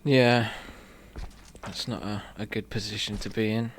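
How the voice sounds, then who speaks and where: A man in casual chat with a dry, grumbling manner. His voice sits low for a man, with a faint hum of ambience behind it. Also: steady tone, measured pace. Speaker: co-host and education worker.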